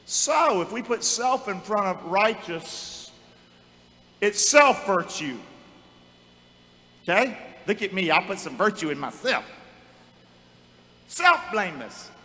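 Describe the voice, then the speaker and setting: Male pastor, high, bright voice, lively call-and-response preaching, big reverberant church hall. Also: takes it slowly, pauses often. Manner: preaches with rising shouts and repeated calls to the congregation. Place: church sanctuary.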